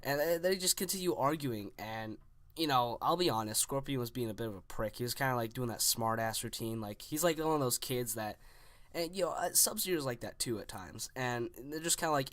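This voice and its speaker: A man's voice: mid-range voice, brisk, fairly bright tone, no echo. A young man in his teens casually telling a story, rambling with lots of "like" and restarts.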